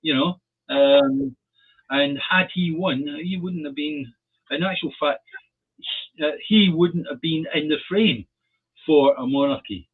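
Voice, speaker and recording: A man co-hosting a casual political chat, speaking in a measured but defiant way with rambling asides. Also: on the high side, slightly rough. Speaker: co-host. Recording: phone-like narrow audio.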